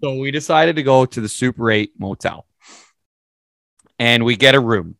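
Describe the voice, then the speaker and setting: A man telling a long, profane story in a casual, animated way. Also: medium pitch, moderate pace, vocal fry, no room sound.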